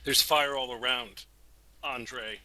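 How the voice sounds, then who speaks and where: A man's voice: medium pitch, steady tone, slow pace, bright, forceful tone, no room sound, poor audio. A man voicing a stubborn, earnest male traveler from overseas who insists on being heard. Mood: insistent.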